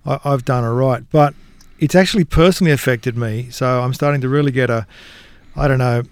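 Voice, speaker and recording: A man's voice: medium pitch, a little fast, clear, resonant tone, no room sound. A man hosting a podcast, talking in a chatty, loose, informal way. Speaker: podcast host. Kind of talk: casual chat.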